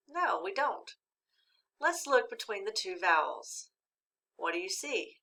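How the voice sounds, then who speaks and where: A woman teacher giving a slow, patient phonics lesson, speaking clearly and sounding out each syllable. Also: mid-range voice, pushed and bright. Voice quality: clear, deliberate enunciation of syllables.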